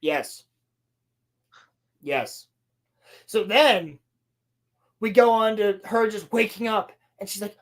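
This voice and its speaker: Medium in pitch, she speaks slowly and pauses often while recapping a show as a podcast co-host. Her casual rant is sarcastic and heavy on swearing, and she acts out scenes in voices.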